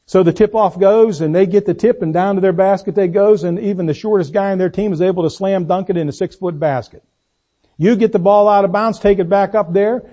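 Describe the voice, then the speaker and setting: A man preaching a sermon, swinging between loud slow emphasis and low quiet asides. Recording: dull lo-fi recording.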